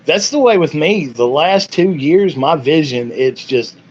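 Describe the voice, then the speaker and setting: A man's voice: on the high side, lively intonation, a little slow, a little mellow, slightly rough, highs cut off. A man in his forties, a paranormal investigator guest, chatting in an easygoing, agreeable way. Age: 40s. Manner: easygoing, agreeable, short replies. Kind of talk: casual interview chat.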